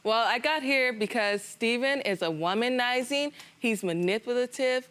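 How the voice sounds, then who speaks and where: A woman's voice: fairly high pitch, normal speed, a bit bright, clear, resonant tone. Aggrieved young American woman. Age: young adult. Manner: aggrieved, insistent. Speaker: litigant. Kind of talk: emotional testimony.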